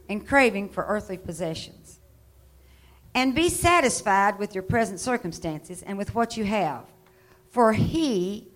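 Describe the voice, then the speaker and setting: A woman preaching in a church, reading scripture aloud and leading the congregation in repeating it. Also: medium pitch. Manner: reads scripture slowly, building to loud call-and-response. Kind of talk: sermon.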